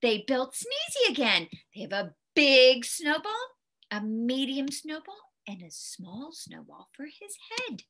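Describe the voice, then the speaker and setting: A woman reading a picture book aloud to children, very expressive, with gasps and hushed whispery asides. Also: high-pitched, unhurried. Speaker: storyteller.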